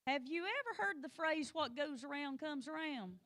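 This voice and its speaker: A woman's voice: sits high, lively intonation, normal speed, fairly bright tone. A woman teaching a Sunday school lesson, plain-spoken and folksy, with joking asides, and urging the class on directly.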